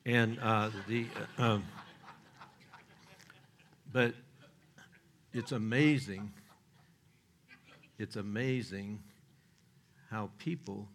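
Folksy older male preacher, low-pitched. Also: fairly even intonation, very slow, long pauses, fairly bright tone, slight background noise. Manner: folksy, joking, with loose restarts and chuckles. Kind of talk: sermon.

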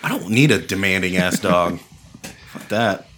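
A man's voice: low-pitched, fairly even intonation, a little slow, a bit bright. A man chatting casually with friends, telling loose stories full of swearing and filler words. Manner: laid-back storyteller, swears freely, lots of "like". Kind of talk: casual chat.

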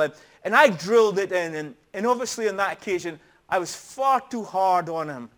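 A man's voice: sits high, moderate pace, fairly bright tone. A middle-aged man preaching a sermon in an earnest, emphatic storytelling manner.

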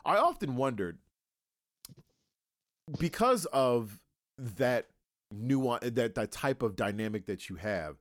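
A middle-aged man hosting a podcast interview, rambling and acting out little scenes as he talks. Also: mid-range voice. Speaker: podcast host. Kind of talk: casual interview chat.

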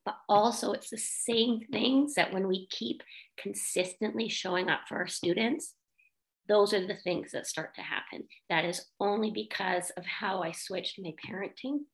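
A woman's voice: medium pitch, moderate pace, poor audio. Earnest woman guest sharing a heartfelt story. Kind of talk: casual podcast interview.

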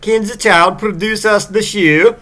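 A man's voice: high voice, steady tone, a little slow, fairly bright tone, voice pushed up. A man voicing a creepy Icelandic Yule lad, with a clumsy put-on foreign accent.

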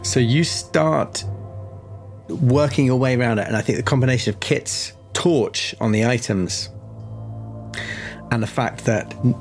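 A man running a tabletop horror game as game master, narrating with many pauses and restarts. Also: medium pitch, soft background music. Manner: hesitant, many fillers and restarts.

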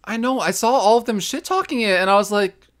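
Higher-voiced guy hosting a gaming podcast, gets worked up easy. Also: animated, a little fast, fairly bright tone. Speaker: podcast host. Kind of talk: casual gaming podcast chat.

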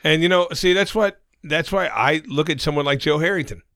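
A man's voice: fairly high pitch, fairly bright tone, dry recording, studio quality. Blunt, profane older man. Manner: blunt, profane, drawn-out emphasis. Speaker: podcast co-host. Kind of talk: crude casual chat.

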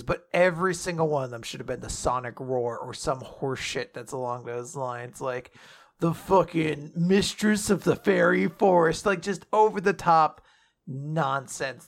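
A man hosting a podcast who recaps a manga chapter in casual, profane, joking chat. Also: on the high side. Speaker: podcast host.

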